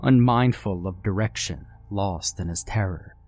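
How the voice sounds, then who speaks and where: A man narrating a scary story in a slow, measured, grave way. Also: low voice, a little mellow, faint music behind. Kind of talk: scripted horror narration.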